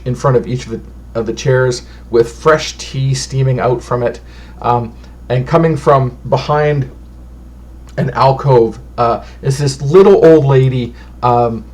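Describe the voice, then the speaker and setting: A man's voice: medium pitch, darkish tone. A man narrating as game master of a tabletop game in a loose, descriptive way, with many fillers.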